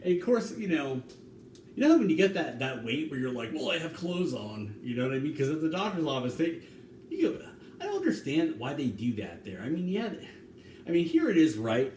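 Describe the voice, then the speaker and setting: A man talking in a rambling, casual way, swearing now and then, with sudden loud bursts and some humming and scatting. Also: fairly high pitch, huge pitch swings, fairly quick, far from the mic. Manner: hums and scats tunes between talking. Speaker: vlogger cooking on camera. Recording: echoey room, off-mic, faint hum.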